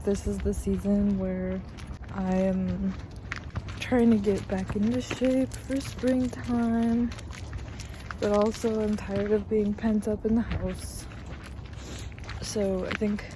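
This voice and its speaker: A young woman talking casually in a vlog, soft and half-whispered at times, then gushing and emotional. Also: medium pitch, noisy background. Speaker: vlogger. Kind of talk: casual vlog talk to camera. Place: outdoors on a winter hike.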